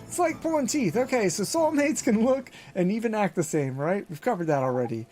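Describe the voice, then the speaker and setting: A man's voice: high-pitched, animated, fairly quick, a little mellow, voice pushed up. Man doing Drippy, a cheeky Welsh fairy. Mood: exasperated. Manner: folksy, sing-song, lots of tag questions. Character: chatty small male fairy sidekick, cheeky. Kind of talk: reading game dialogue aloud.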